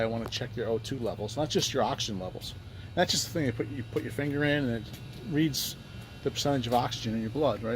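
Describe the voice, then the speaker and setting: A man's voice: medium pitch, slight background noise. Frustrated man telling a vlog story. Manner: rambling, frustrated, acts out both sides of conversations. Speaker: vlogger recounting a medical appointment.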